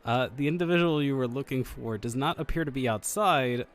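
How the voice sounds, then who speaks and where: A man's voice: mid-range voice, fairly quick, soft background music. A man running a tabletop game as game master, joking and rambling as he narrates. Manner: joking, rambling, self-correcting.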